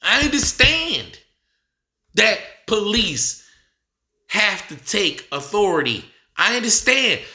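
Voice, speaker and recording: Man, high and swooping, unhurried preacher cadence, recorded in an echoey room. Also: big pitch swings, gravelly. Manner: repetitive, rhetorical questions, rising to near shouting. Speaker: speaker addressing the nation. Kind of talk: impassioned preaching monologue.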